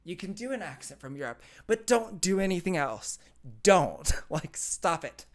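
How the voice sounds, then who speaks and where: A man's voice: high voice, sing-song, moderate pace, creaky. Sarcastic man riffing on a livestream. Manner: sarcastic, laughing, repeats himself. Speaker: streamer host reading chat. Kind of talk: casual live-stream commentary.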